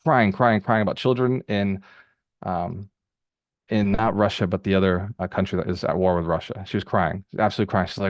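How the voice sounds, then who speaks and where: A lower-pitched man talks fast and energetically, coaching a group call like a motivational mentor. He piles up repeated phrases as he drives his points home. The sound is dry and close to the mic. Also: dry recording. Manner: energetic, conversational, rapid-fire with repeated phrases. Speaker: real estate mentor hosting a group call. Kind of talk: motivational talk to a live call.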